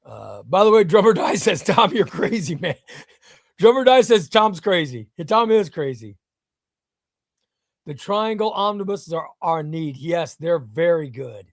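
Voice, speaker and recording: A man's voice: high voice, expressive, unhurried, gravelly, no room sound, clean studio sound. A man hosting a casual live stream, reading viewer chat and rambling, often repeating himself. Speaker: livestream host reading chat.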